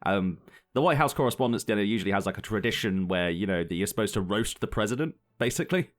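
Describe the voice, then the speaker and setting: A man's voice: on the low side, lively intonation, fast talker. Rambling, sweary young man on a podcast. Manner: rambling and sweary, often laughing. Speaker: podcast co-host. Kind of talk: casual chat, storytelling.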